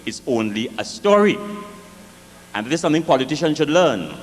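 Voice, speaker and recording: A man with a West Indian accent performing a live comic storytelling set, lively and jokey, with sing-song swings in pitch. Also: a little fast, long reverb tail, slight background noise. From West Indies.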